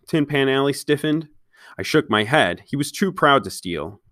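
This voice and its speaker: A man's voice: mid-range voice, animated, a bit bright, no room sound, studio quality. Man reading a children's novel aloud. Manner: pauses to question listeners directly. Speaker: read-aloud storyteller.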